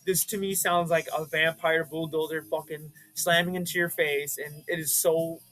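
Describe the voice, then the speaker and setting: A young man in casual chat, showing off his records with excited, profane enthusiasm. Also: a little high, moderate pace, soft background music, rough recording. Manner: excitable and profane, with bursts of shouting.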